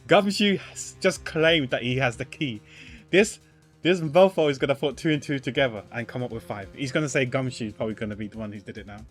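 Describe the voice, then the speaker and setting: A man talks through his gameplay ideas in a loose, rambling way. He restarts often and his phrases tail off quietly. Faint music runs underneath. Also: medium pitch, fairly quick. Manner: rambling, many fillers and restarts, trails off quietly. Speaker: gamer. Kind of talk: casual gameplay commentary.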